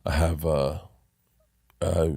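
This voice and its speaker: A man's voice: a bass voice, little pitch movement, slow, vocal fry, darkish tone, husky, no room sound, clean studio sound. A middle-aged man telling a long, rambling, self-deprecating story on a podcast as a comedian guest.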